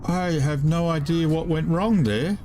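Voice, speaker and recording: A man's voice: fairly high pitch, unhurried, dark tone, slight background noise. An older man from the UK commentating on his live game stream, puzzled, talking to himself in broken half-sentences. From United Kingdom. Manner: baffled, muttering to himself with trailing half-sentences. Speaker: gaming streamer.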